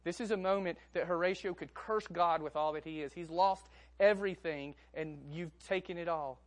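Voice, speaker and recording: Young male preacher, fairly high voice, storytelling sermon, drops to a hush and then builds to emphasis. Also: moderate pace. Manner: storytelling, swings from hushed to emphatic.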